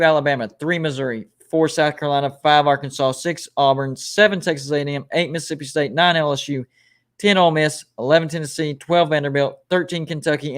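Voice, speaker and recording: A man hosting a casual sports live stream, reading out ranked lists and viewer comments, rambling and often correcting himself. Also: on the high side. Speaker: sports livestream host.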